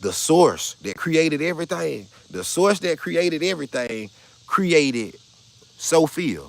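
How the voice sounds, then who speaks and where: A man holds forth on his live stream, profane and argumentative. His voice sits a touch high and jumps all over the place in pitch as he presses his point again and again. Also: expressive, slow, creaky. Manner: blunt, profane, argumentative, repeats himself. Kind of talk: casual live stream rant.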